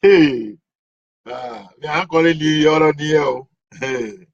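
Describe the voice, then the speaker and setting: A man's voice: a little high, takes it slowly, creaky, no echo, muffled recording. A man, a stand-up comedian telling a comic story and acting out the voices. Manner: animated, acts out voices.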